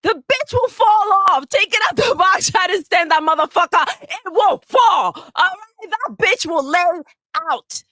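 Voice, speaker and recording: A woman's voice: very high voice, animated, unhurried, hardly any pauses, bright, forceful tone, dry recording, clean studio sound. A woman co-hosting a gaming podcast, ranting brashly and profanely in casual banter.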